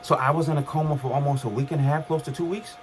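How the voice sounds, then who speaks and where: A man's voice: fairly high pitch, racing, slight background noise. A man in his fifties from Brooklyn, New York, casually telling the story of his heart transplants, conversational with restarts. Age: 50s. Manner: relaxed, conversational, with restarts and acted quotes.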